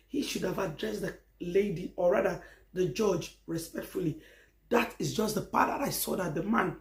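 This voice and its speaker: A man's voice: sits high, darkish tone. A man with a Nigerian accent giving an emphatic opinion commentary, driving his points home with rhetorical questions and repetition. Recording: echoey room.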